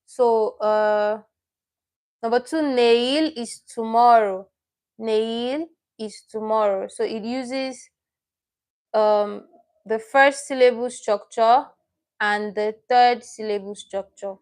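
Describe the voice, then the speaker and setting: A woman's voice: a little high, slow pace, a little mellow. A woman teaching a live online language lesson, patient and repeating each word as she explains it step by step.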